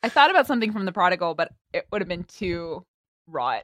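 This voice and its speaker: A woman's voice: lowish voice, quick pace, dry recording. A woman co-hosting a podcast, chatting casually and laughing often. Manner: laughing, animated. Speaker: podcast co-host. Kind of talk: casual chat.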